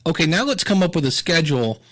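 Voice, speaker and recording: A man's voice: a little high, fast talker. A man from Ohio, a podcast consultant, telling stories in a casual interview and acting out what people said. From Ohio, USA. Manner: animated storyteller, acts out quoted voices.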